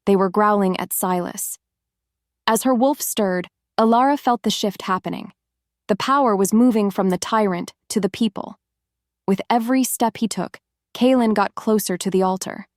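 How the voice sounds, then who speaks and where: A woman reads a romance novel aloud in a steady, even way. Her voice sits at a middle pitch. The recording is dry and close. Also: normal speed, no echo. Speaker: narrator. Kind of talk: scripted audiobook narration.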